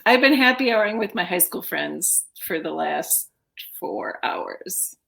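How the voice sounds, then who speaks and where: A woman's voice: fairly low pitch, expressive, unhurried, gravelly, a bit bright. Tipsy, giggly Minnesotan woman. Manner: giggly and loose. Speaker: comedian guest. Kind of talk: casual interview chat.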